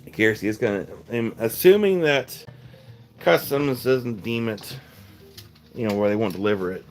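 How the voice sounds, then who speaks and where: A man's voice: lowish voice, moderate pace, soft background music. A man hosting a live rock sale stream, chatting casually and rambling, laughing often as he packs boxes and calls out numbers.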